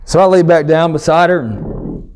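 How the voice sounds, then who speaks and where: A middle-aged man doing stand-up storytelling, animated and acting out scenes with big swings in his voice. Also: a little high, normal speed. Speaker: stand-up comedian.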